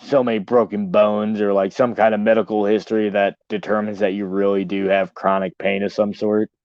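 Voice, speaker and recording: American dude guesting on a podcast, low voice, easygoing and sweary, kinda dull lo-fi dry sound. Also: male voice, little pitch movement, a little fast, dry recording. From United States. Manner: easygoing, chuckling, profane. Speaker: guest, professional wrestler. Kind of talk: casual podcast interview.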